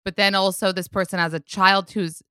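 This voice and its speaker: A woman's voice: medium pitch, flat delivery, normal speed, sharp tone, clean tone, no echo, studio quality. A woman hosting a podcast, asking curious follow-up questions and reading an ad in a casual tone. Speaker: podcast host. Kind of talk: casual chat and ad read.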